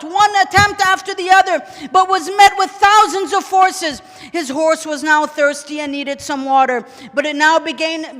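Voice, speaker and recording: A man preaching an impassioned mourning sermon in a large mosque hall, often shouting and chanting Arabic lines. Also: very high-pitched. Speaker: sheikh. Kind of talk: Ashura majlis sermon. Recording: long hall reverb.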